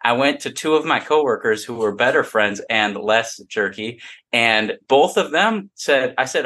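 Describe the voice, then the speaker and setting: A man's voice: medium pitch, unhurried. A young man in his twenties, a podcast guest, telling a story in casual chat and acting out the lines of the people in it. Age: 20s. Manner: animated storyteller, acts out quoted dialogue.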